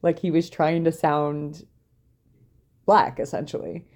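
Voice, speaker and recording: Chatty young woman with a low, mellow voice. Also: little pitch movement, takes it slowly. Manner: chatty, wry, laughs often. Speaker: podcast co-host. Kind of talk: casual chat recapping a reality show.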